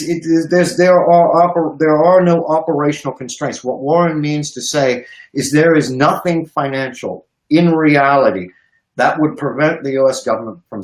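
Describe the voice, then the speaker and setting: A man speaking as a guest on a video call, explaining emphatically, repeating words and checking in with "okay?". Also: medium pitch. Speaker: guest economist. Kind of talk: animated explanatory talk. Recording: echoey room.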